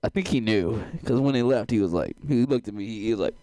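A young man with a low voice that swings widely in pitch. He tells crude stories in casual chat on a podcast and laughs often. The sound is dry and close. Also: animated, quick pace, dark tone, no echo. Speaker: podcast co-host.

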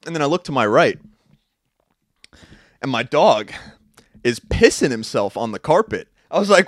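A young man hosting a podcast, giving an intense, profane motivational monologue with bursts of shouting. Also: fairly high pitch, lively intonation, normal speed, dry recording, clean studio sound. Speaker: podcast host. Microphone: two cameras, podcast mic.

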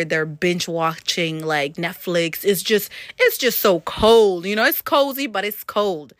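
A woman's voice: lowish voice, a bit bright, dry recording. A woman vlogger giving casual, earnest advice to her viewers, chatty and full of "you know" and "like" fillers. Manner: earnest and encouraging.

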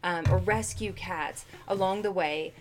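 A woman co-hosting a podcast speaks in a fairly low voice at a measured pace, with slight background noise. In casual chat she tells stories animatedly, acting out what other people said.

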